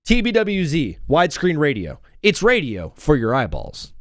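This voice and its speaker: Lively, rambling male sports show host. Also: a little high, moderate pace, slight background noise. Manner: animated, rambling, self-interrupting, jokey. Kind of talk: casual live sports talk show.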